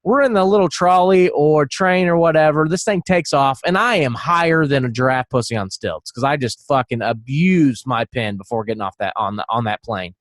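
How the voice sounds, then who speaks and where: A man with a fairly high speaking voice rambles through a story on a podcast, swearing freely and laughing often. The sound is dry and close to the mic, with no room around it. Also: moderate pace, few pauses, no room sound. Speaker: podcast co-host. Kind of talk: casual podcast chat.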